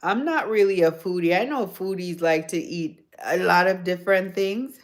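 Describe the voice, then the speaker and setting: A woman hosts a livestream, answering viewers in casual, rambling chat that drifts into storytelling and gushing about food. Her voice is lowish, at a normal speed.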